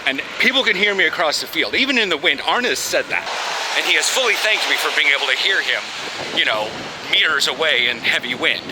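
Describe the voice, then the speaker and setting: A vlogger walks through a city and park, chatting and joking into a handheld camera while swearing a lot. His voice is loud and booming, with lively intonation and a fairly quick pace. Street noise, traffic and trams can be heard in the background.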